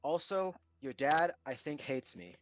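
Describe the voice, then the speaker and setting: A man's voice: fairly high pitch, very animated, no room sound. A man playing in a tabletop game, talking in a casual, rambling way full of fillers and restarts. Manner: rambling, halting, with many fillers. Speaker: player.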